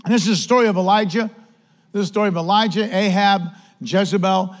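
A man preaching a sermon as pastor, telling the story with animated energy and acting out the quotes. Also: high voice, fast, long reverb tail.

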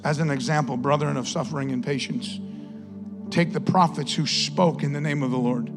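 A man's voice: on the high side, fairly even intonation, normal speed, big-room sound, over music. A male pastor preaching a sermon, impassioned, with repetition and rising exclamations.

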